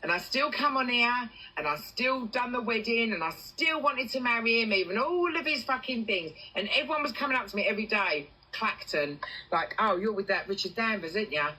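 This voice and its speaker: An English woman on a casual livestream, telling a personal story in animated bursts and swearing freely. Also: a little high, normal speed, breathy edge, rough recording. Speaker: TikTok livestreamer.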